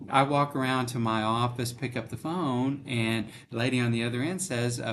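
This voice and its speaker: Middle-aged man, interview guest, earnest storyteller, acts out the voices, mid pitch, faint room noise. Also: steady tone, moderate pace, a bit bright. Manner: earnest storytelling, emotional, acts out quoted dialogue. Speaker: bank CEO, guest. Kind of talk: conversational testimony in an interview.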